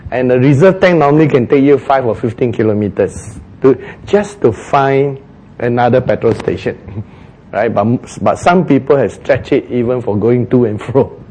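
Slow-spoken man preaching a sermon. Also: medium pitch, slightly rough. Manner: animated storytelling, chuckling asides.

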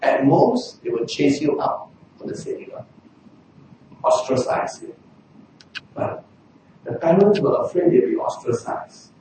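High, animated preacher in an echoey hall. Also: male voice, measured pace, long pauses, background noise. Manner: animated, bursts into shouting for emphasis. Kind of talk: sermon. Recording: very echoey hall, mic far off.

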